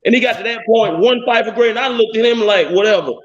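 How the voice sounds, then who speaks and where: A man's voice: sits high, fast, lo-fi sound. A male caller ranting bluntly and at length on a call-in show. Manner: blunt, rambling, insistent. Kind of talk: heated call-in rant.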